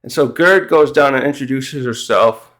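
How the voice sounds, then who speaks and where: A man recapping a manga chapter in casual chat, rambling and halting, often laughing and acting out the characters' lines. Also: mid-range voice, a bit bright. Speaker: manga reviewer.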